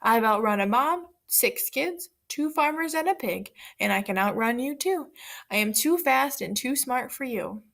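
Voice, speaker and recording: A woman voicing a boastful runaway male pancake who shouts his brags in a storybook read-aloud. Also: fairly high pitch, measured pace. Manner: shouting, bragging.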